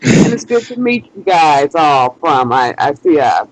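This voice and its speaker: A woman's voice: low voice, very animated, a little slow, a little hiss or hum, poor audio. A woman from Milwaukee, new to podcasts, chatting with the hosts and calling them fella and honey. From Milwaukee, Wisconsin. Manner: friendly, calls others fella and honey. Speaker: call-in guest. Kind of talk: casual chat.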